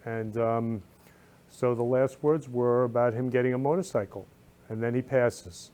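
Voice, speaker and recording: A man hosts a talk show in an emotional, effusive way. He repeats his phrases with heartfelt feeling. His voice sits at an ordinary pitch. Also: steady tone, a little slow, mellow. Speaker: host.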